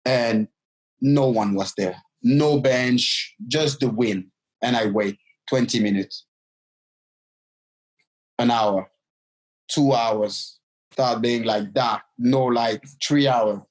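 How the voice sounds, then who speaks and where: A man from France, a non-native speaker of English with a French accent, recounts his life as a podcast guest. He tells his stories in an animated way and speaks in loose, imperfect English. His voice sits at an ordinary, middling pitch for a man. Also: slow, pauses often, poor audio. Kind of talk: storytelling interview.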